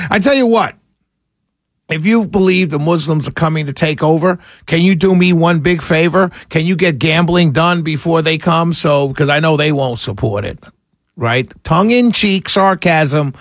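A male radio host, delivering a sarcastic, animated talk radio monologue. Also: fairly high pitch, moderate pace, no room sound, studio quality.

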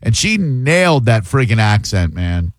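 A man's voice: on the low side, sing-song, measured pace, dry recording. A man hosting a casual radio talk show, joking around loosely with a laugh in his voice, on a studio mic. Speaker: radio host.

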